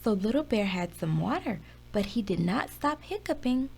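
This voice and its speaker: A woman reading a children's picture book aloud as storyteller, expressive and sing-song. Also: mid-range voice, normal speed, gravelly, slightly rough.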